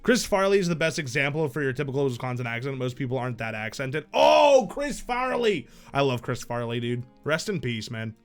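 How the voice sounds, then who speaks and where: A man's voice: medium pitch, fast, few pauses, smooth. A man streaming a game live, thinking aloud in casual, profane chat.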